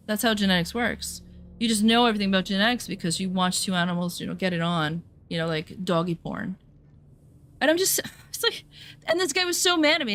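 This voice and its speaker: A young adult woman with a mid-range, slightly bright voice streams while gaming and tells a story in casual chat. She's sarcastic and profane, with faint music behind her.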